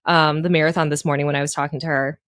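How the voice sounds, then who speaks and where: A woman's voice: low-pitched, flat delivery, racing, a bit bright, no echo, studio quality. A young woman co-hosting a podcast, bantering in a playful, teasing way. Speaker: podcast co-host. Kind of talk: casual chat.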